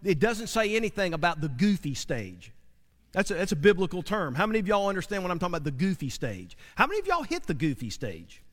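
A man preaching a sermon, animated and full of call-and-response asides to the congregation. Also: a little high. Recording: long hall reverb.

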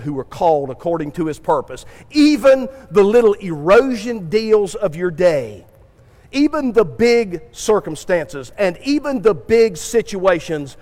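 Male preacher, high-pitched, talky sermon delivery with restarts, echoing sanctuary sound. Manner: conversational preaching with repeated restarts, acting out voices. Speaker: pastor.

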